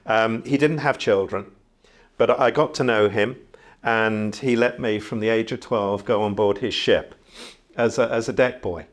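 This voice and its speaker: A middle-aged man from the Channel Islands speaks in a fairly low voice. He talks like a seasoned ship captain telling a story, reflective and unhurried, with plenty of "um"s along the way. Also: fairly even intonation. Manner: reflective, unhurried, many fillers. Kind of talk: conversational storytelling.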